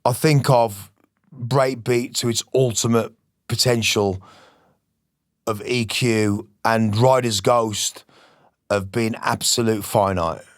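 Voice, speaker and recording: A middle-aged man talks in a loose, rambling, passionate way, swearing freely. His voice sits at an ordinary male pitch. The sound is dry and close, with no room around it. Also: steady tone, takes it slowly, no room sound. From West Midlands, England. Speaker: musician guest. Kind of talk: casual interview chat.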